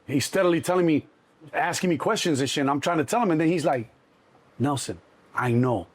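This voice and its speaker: A middle-aged man with a Chicago accent, telling a story in an interview, animated and swearing freely, acting out the other voices. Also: fairly high pitch, fast talker. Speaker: interview guest. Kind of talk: casual storytelling.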